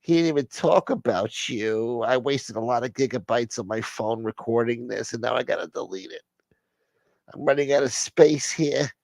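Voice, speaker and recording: A man's voice: medium pitch, normal speed, vocal fry, darkish tone, no room sound, pitched above the performer's own voice, close to an everyday voice. A man voicing an adoring married woman fan who gushes and fawns. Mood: complaining.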